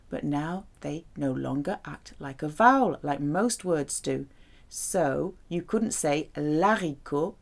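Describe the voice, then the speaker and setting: A French woman teaching vocabulary, pronouncing each word slowly and carefully. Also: on the low side. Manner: slow, careful pronunciation drills. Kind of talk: vocabulary lesson.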